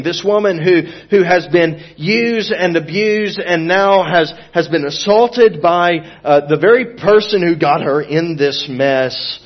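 Male preacher, earnest sermon delivery, emphatic to hushed, slightly high voice. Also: lo-fi sound.

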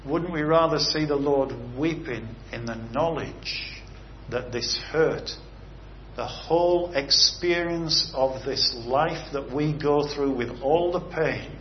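A man's voice: fairly high pitch, slow pace. An earnest male preacher delivers a sermon, swelling and dropping his voice for emphasis and asking his listeners questions. The recording sounds a little dull, with a faint hiss underneath. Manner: earnest, rising and falling emphasis with rhetorical questions. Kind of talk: sermon ending in prayer.

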